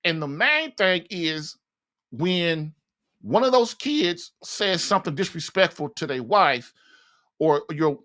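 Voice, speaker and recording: A man's voice: fairly high pitch, a bit bright. A man talks through marriage advice in a loose, conversational monologue. He is blunt and folksy, and he laughs at his own points as he goes. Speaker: podcast host giving marriage advice.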